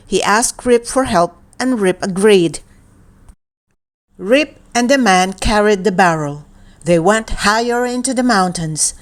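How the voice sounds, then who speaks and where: A woman reading a children's storybook aloud at bedtime, calm and deliberate. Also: mid-range voice. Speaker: children's book reader.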